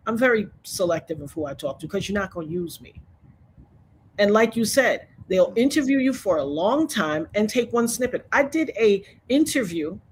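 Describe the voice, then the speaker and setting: A woman's voice: mid-range voice, husky. Emphatic, outspoken woman guest. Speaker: interview guest. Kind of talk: animated interview talk.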